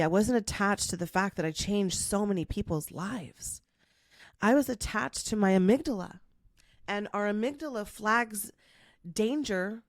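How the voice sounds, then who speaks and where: A woman podcast host telling a story in a monologue, acting out the quoted dialogue with lively energy. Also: fairly low pitch, no room sound, clean studio sound. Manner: animated, acts out quoted dialogue.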